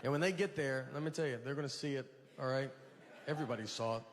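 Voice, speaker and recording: A man performing a stand-up routine, telling rambling stories in a halting, deadpan way. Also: mid-range voice. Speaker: stand-up comedian. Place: large venue with a live audience. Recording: live stage mic in a reverberant hall with audience noise. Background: audience laughter.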